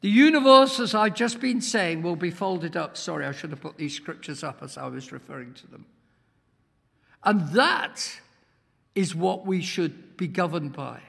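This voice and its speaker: A man preaches to a congregation in a high, gravelly voice. He pushes his points hard and sometimes nearly shouts. Long reverb rings around him in the church hall. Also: lively intonation, normal speed. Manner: emphatic, swells to near-shouts, asks the congregation questions. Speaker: guest preacher. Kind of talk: sermon.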